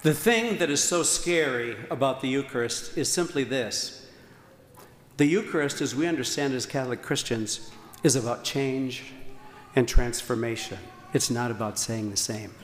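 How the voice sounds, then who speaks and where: A priest preaching to his congregation in a large church, his voice carrying with a long, roomy reverb and a faint hum of ambience behind it. He speaks with earnest conviction, hammering home points through repetition, and sometimes trails into small fillers as he searches for a word. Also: medium pitch. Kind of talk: sermon.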